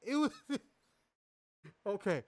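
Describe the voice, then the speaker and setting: Young man, co-host, casual chat, slightly high voice, dry sound, cracks up and swears freely. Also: big pitch swings, slow, no echo. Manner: laughs hard, loose and profane. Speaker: podcast co-host.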